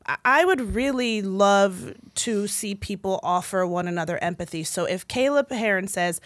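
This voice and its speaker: A woman in her thirties, a podcast guest in casual chat, animated and playful, often laughing. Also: medium pitch, moderate pace, hardly any pauses, no room sound.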